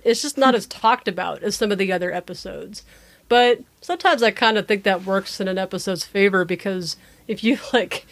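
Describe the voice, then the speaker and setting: Woman, mid-pitched voice, casual chat, easygoing, soft trailing endings. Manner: relaxed, easygoing, trails off softly. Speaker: podcast co-host.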